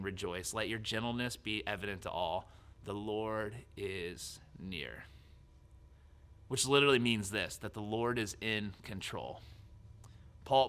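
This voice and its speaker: A man in his thirties preaching a sermon as pastor, lively, then dropping his voice to near whispers. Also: mid-range voice, slight background noise. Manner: animated preaching that drops to soft whispers.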